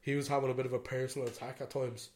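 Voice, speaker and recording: A man's voice: medium pitch, flat delivery, very fast, darkish tone. Chatty Irishman telling a story. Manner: rambling, swears freely, "you know what I mean". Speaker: podcast co-host. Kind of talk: casual chat.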